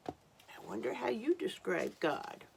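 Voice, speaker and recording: Slow gentle woman reading to children. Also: mid-range voice, big pitch swings, creaky, slight background noise. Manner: gentle, exclamatory asides to children. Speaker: storytime reader. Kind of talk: reading a picture book to children.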